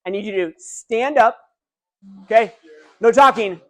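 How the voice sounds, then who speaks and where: A man giving a live motivational keynote, energetic and interactive, calling out to a big audience in a large hall. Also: high-pitched, unhurried. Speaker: keynote speaker.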